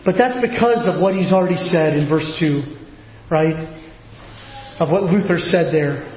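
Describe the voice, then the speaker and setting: High-voiced man preaching in an echoey hall. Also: measured pace. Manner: animated preaching, rising and pressing with rhetorical questions. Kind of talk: sermon. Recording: echoey hall, dull lo-fi sound with faint noise.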